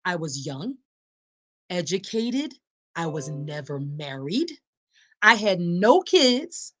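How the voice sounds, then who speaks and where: A woman's voice: lowish voice, fairly bright tone. A woman hosting a live podcast, speaking emphatically and preacher-like, addressing her listeners as y'all and reading their comments aloud. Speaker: podcast host. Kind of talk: live-streamed advocacy talk.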